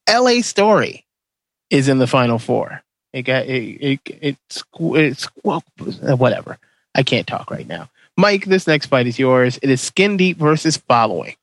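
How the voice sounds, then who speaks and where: A man hosting a casual movie podcast, excitable and profane, tripping over his words as he calls the votes. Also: mid-range voice, measured pace, no room sound. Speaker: podcast host running a movie bracket. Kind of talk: casual chat.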